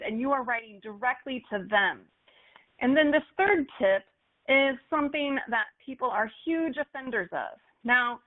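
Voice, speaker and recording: A woman with a fairly high voice teaches in an upbeat, animated way. She acts out playful examples as she explains. The sound is thin and narrow, like it came down a phone line. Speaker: marketing instructor for golf courses. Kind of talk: webinar lesson on copywriting.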